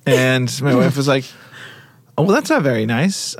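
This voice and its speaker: A man's voice: medium pitch, animated, moderate pace, vocal fry, no echo. A man co-hosting a casual chat, earnest and rambling with many restarts about his daughter. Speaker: podcast co-host.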